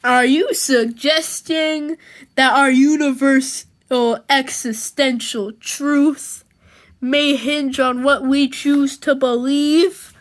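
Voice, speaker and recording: Woman doing a low, folksy cartoon sidekick, gentle and slow. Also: steady tone. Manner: folksy and gee-whiz.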